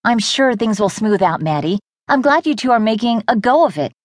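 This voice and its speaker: A woman's voice: on the high side, expressive, moderate pace, no room sound, studio quality, close to an everyday voice. A woman narrator voicing a young woman, a blunt, patronizing best friend, in an audiobook. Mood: condescending. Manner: dismissive, patronizing. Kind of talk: audiobook character voice.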